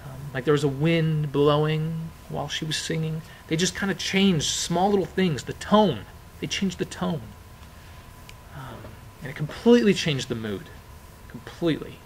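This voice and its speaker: A man's voice: a little high, slight background noise, poor audio. A man teaching a lesson in an informal, conversational way, repeating key phrases with frequent fillers. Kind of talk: informal classroom explanation.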